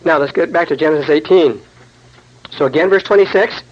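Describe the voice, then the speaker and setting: A man's voice: on the high side, fairly quick, dull audio. A man teaching the Bible verse by verse, explaining scripture in a conversational way with folksy asides.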